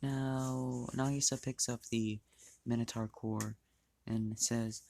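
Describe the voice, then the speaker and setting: A man's voice: medium pitch, little pitch movement, slow pace, vocal fry, noisy background. A man casually narrating a fan-made story, rambling, restarting lines and swearing freely.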